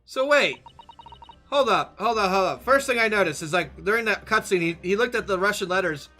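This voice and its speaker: A man's voice: sits high, animated, brisk, pushed and bright, soft background music. A man streaming a game, chatting casually and animatedly with frequent swearing. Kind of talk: casual gameplay commentary.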